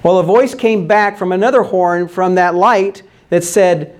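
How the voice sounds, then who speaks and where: A man's voice: sits high, normal speed, few pauses, darkish tone. A man preaching a sermon as pastor, earnestly explaining scripture and posing rhetorical questions.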